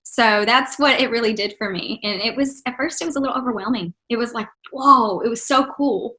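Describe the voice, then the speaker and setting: A young Texan actress and singer answers interview questions upbeat and enthusiastic, peppering her speech with "you know" and "like." Her Texan accent is faint, mostly trained out. Her voice is fairly high, slightly bright, and a little fast.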